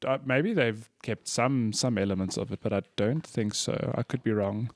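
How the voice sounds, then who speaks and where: A man's voice: on the low side, moderate pace, a little hiss or hum. A man co-hosting a podcast in casual chat, chatty and given to swearing and laughing. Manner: chatty, swears and laughs often, many restarts. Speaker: podcast co-host.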